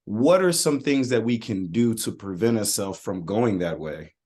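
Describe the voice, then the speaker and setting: A man's voice: lowish voice, animated, moderate pace, a little mellow. Laid-back man podcast host. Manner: loose slang-filled talk, restarts his sentences as he frames questions. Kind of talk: casual podcast conversation.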